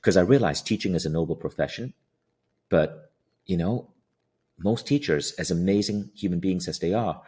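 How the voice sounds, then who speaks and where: Calm, low-voiced man from Malaysia. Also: slightly rough. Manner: calm, soothing, slow meditation voice. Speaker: guest. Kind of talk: interview conversation.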